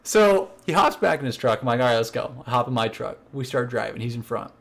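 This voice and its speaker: A man's voice: mid-range voice, a little fast, vocal fry. Man animatedly telling a funny story. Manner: animated, acts out quotes of coworkers; laughs while telling the story. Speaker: podcast co-host. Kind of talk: casual storytelling chat.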